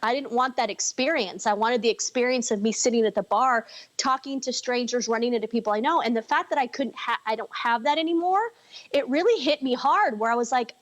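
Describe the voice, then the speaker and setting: A woman's voice: sits high, quick pace. A woman in her forties talking candidly and emotionally as a podcast guest, rambling with many fillers. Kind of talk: casual, candid conversation.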